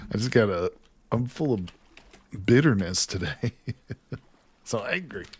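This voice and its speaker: A man with a fairly low voice plays through a survival game live. He talks straight to his viewers, dropping to mutters and then jumping into excited, jokey outbursts. A desk mic catches him as he types at his keyboard. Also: slightly rough. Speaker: gaming streamer. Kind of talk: live gameplay commentary.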